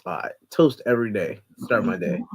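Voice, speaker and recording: A man's voice: on the low side, normal speed, slightly rough. A man from New Jersey, a podcast guest, trading laid-back teasing banter in casual chat.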